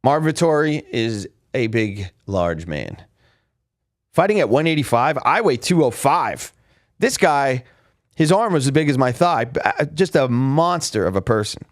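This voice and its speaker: A man hosts a casual fight recap show, rambling through backstage stories with plenty of "uh" and restarts. His voice sits at an ordinary pitch for a man. The recording is dry, with no room sound. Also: big pitch swings, measured pace, no echo. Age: adult with a father. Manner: rambling storyteller with many restarts and fillers. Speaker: podcast host. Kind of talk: casual chat.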